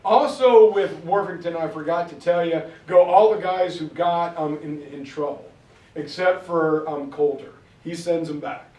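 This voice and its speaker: Casual male history storyteller, high voice, roomy hall sound. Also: steady tone, darkish tone, recorded from a distance. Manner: acts out characters in quick voices, casual slang. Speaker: speaker giving a history talk. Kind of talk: animated storytelling lecture.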